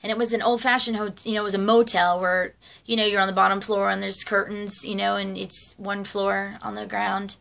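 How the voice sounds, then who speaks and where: A woman's voice: medium pitch, level tone, a little fast, creaky, a bit bright. A middle-aged woman vlogger telling personal stories in a rambling, conversational way with lots of fillers and asides. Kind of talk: casual personal storytelling.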